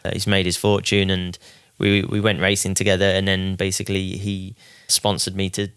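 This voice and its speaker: A man, a racing driver guest on a podcast, telling casual stories in a lively way, often acting out what other people said. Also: sits low, moderate pace, clear, resonant tone. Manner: lively, quotes others mid-story. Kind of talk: casual anecdotal storytelling.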